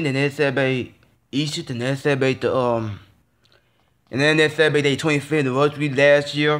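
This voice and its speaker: A young man with a somewhat high-pitched voice vents in a casual vlog rant. He swears often, repeats himself and stumbles through restarts, sounding frustrated throughout. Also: fairly bright tone. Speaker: vlogger.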